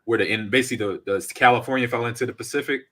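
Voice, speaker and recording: A man hosts a casual gaming podcast with a bright, forward voice. He tells stories in an animated way and reads chat comments aloud. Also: mid-range voice, rapid-fire. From United States. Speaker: podcast host.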